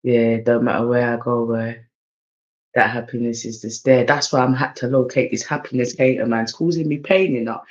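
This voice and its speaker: This man's mid-range voice keeps a fairly even intonation at a moderate pace. An oracle card reader with an English accent and lots of London slang, he gives a loose, tarot-style reading that shifts between hype and mumbling, on slightly dull lo-fi audio.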